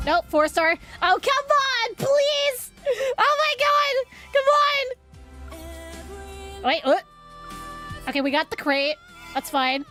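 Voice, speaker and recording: A young woman streamer reacting out loud as she pulls on a game banner, groaning and cheering at the results. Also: very high-pitched, slow pace, pauses often, faint music behind. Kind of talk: live gacha game stream.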